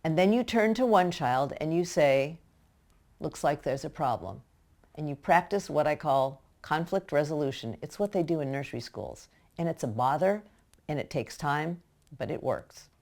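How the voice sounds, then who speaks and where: A woman's voice: low-pitched, animated, moderate pace, darkish tone. A woman giving practical, direct advice to parents in a teaching talk. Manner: direct, practical, acts out parent and child voices. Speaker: parenting educator.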